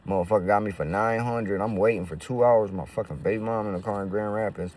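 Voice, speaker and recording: A man's voice: on the low side, fast, a little mellow, distant mic. A man casually telling stories to camera in profane, slangy street talk full of fillers. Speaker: roofing business owner.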